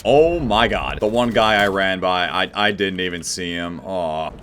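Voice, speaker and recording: A man giving casual, excitable gameplay commentary, chatting to viewers with frequent exclamations. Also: low voice, measured pace, slight background noise. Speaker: gaming YouTuber.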